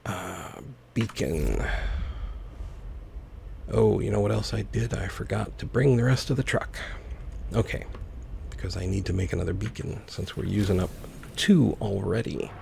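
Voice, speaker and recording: Slow gravelly man narrating gameplay. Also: on the low side, dark tone, a little hiss or hum. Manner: musing, talks to himself while playing. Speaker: let's play host. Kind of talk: casual gameplay commentary.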